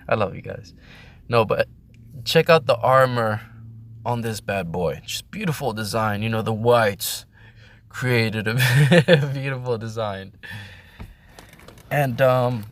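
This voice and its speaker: Man, casual vlog host, rambling, profane, mid pitch, dry close sound. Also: unhurried, long pauses, no room sound. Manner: rambling, profane, laughs often.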